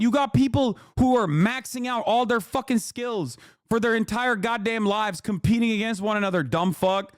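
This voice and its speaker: A man streaming a heated, profane reaction rant, shouting and mocking as he goes. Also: high-pitched, moderate pace, no room sound, studio quality.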